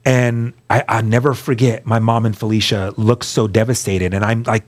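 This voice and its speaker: A man's voice: medium pitch, a little fast. A middle-aged man earnestly telling his life story as a guest, stumbling over repeated words and acting out what others said. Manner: earnest, repeats words when emotional, acts out quoted voices. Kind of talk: conversational storytelling on a radio show.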